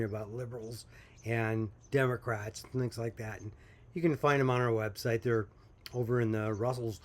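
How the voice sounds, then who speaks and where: A man who owns a small coffee company, telling his story in a chatty, folksy way and chuckling now and then. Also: mid-range voice. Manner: folksy, chatty, laughs while telling stories. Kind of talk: casual storytelling to camera.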